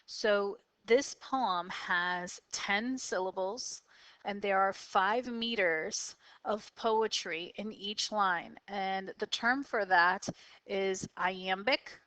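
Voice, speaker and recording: A woman teaching a poetry lesson, explaining patiently and slowly with occasional fillers. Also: medium pitch, fairly bright tone, clear, resonant tone, dry recording, rough recording. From United States. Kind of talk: classroom lecture on poetry.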